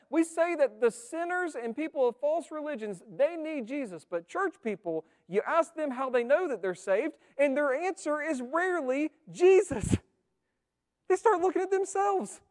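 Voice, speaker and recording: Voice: high-pitched, expressive, moderate pace. A preacher delivering a sermon in an earnest, conversational way, asking the congregation rhetorical questions. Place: church sanctuary. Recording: long reverb of a church hall.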